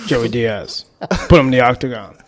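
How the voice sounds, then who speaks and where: A man doing a comic impression of an excitable male podcast host, exclaiming and swearing. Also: medium pitch, normal speed, voice pushed down, lightly acted. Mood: hyped.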